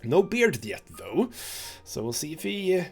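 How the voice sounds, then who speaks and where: A man's voice: fairly high pitch, sing-song, measured pace, creaky, darkish tone, breathy edge, faint music behind. A man hosting a let's play, reading a story game's text aloud with chatty asides and laughs. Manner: chatty asides with laughs between read passages. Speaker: gaming channel host.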